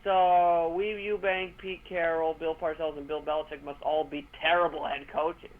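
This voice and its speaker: A man's voice: a little high, flat delivery, moderate pace, narrow, tinny audio. Sarcastic man co-hosting sports talk. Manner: sarcastic, rambling asides. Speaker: co-host.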